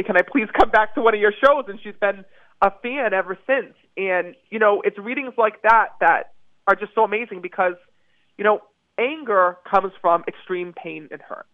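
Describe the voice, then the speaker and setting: A man's voice: sits high, dry recording. A man, a medium, telling stories eagerly in a phone-in interview and repeating words for emphasis. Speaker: psychic medium guest. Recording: tinny phone line.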